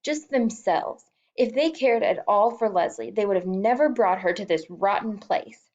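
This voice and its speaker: A woman's voice: mid-range voice, moderate pace, darkish tone, muffled recording. A woman reading a novel aloud as an audiobook, emotive and lightly voicing the characters. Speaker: audiobook reader.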